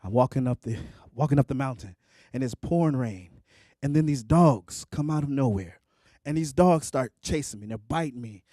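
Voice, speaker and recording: A man performing at a concert, telling a vivid story in an emphatic, animated way. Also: mid-range voice, normal speed, no echo, studio quality. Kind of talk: live spoken storytelling and singing. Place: concert stage.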